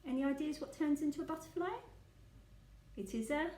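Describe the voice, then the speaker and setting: A woman's voice: high-pitched, fairly quick, mellow, slight background noise. A woman leading a guessing game for young children, speaking patiently and asking the listener questions. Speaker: children's teacher. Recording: echoey room.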